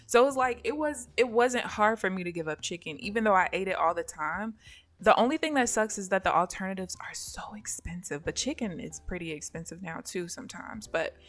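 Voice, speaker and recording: Animated woman telling a story, laughing. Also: medium pitch. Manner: animated, laughs often, acts out quoted voices. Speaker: live-stream host. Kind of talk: casual storytelling to chat.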